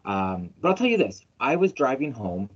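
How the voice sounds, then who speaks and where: A man hosting a casual sports podcast, telling stories in an animated, emphatic way with plenty of swearing. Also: mid-range voice, moderate pace, slightly rough. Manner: animated, emphatic storytelling, profane. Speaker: podcast host. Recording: dull lo-fi audio.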